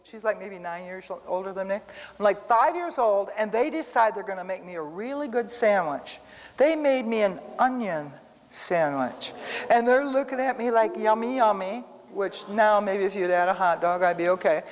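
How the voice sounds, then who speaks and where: A woman's voice: mid-range voice, normal speed. A woman teaching a casual sermon full of personal stories, talking straight to her listeners. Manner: animated storytelling, talks to the room. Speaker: Bible teacher. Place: church hall. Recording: reverberant church hall.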